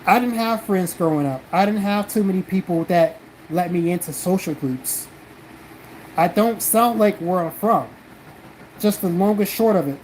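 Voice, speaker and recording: A man's voice: high-pitched, moderate pace, darkish tone, rough recording. A blunt male streamer from the American South swears freely as he answers his chat. His talk is casual and defensive, with a faint hum of background noise behind it. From South Carolina, American South. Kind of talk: casual live-stream chat reading comments.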